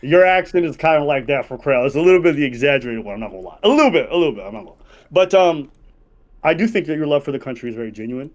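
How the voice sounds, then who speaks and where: A man's voice: on the high side, animated, rapid-fire. A man from Montreal in a casual chat, speaking in a laid-back way with lots of hedging fillers. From Montreal, Canada. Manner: laid-back, hedging with fillers like "uh" and "I'm not gonna lie". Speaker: guest interviewer. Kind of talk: casual conversation.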